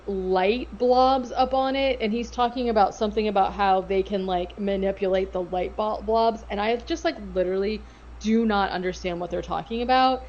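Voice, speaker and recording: Woman podcast co-host, mid pitch, rambling casual recap, slightly dull lo-fi audio. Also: darkish tone. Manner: rambling, lots of filler words and swearing. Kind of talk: casual chat recapping a TV episode.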